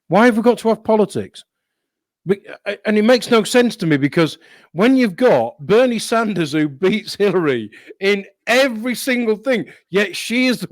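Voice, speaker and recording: Man, blunt, swearing, high lively voice, dry sound. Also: dry recording. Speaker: co-host. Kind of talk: casual political chat.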